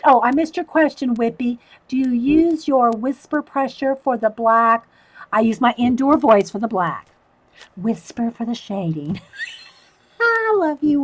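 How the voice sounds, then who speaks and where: A woman's voice: sits high, rough recording. A woman hosting a live stream, chatting casually through a coloring demo and answering viewer comments.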